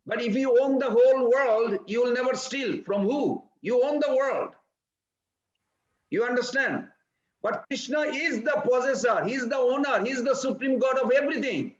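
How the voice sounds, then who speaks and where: A man teaches a scripture class in a high voice, telling stories animatedly and firing rhetorical questions at his listeners. The recording is echoey and lo-fi. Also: moderate pace. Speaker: spiritual teacher. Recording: echoey room, dull lo-fi sound.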